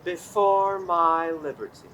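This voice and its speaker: An actress in a stage play playing a dazed, obedient grown son who repeats words in a flat, mechanical way. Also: female voice, lowish voice, slow, a little hiss or hum, rough recording.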